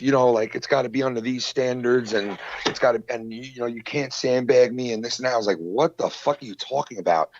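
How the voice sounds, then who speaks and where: A man, hosting a podcast and retelling a feud in a heated, profane, animated way. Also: mid-range voice, no echo, highs cut off. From New York. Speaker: podcast host. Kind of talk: casual podcast storytelling.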